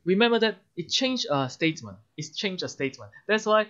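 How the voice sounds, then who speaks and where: A man's voice: high-pitched, big pitch swings, a little fast, bright, forceful tone. A man with a Hong Kong English accent teaching an online language lesson. He explains patiently with many examples and often says "uh-huh". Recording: dull lo-fi recording.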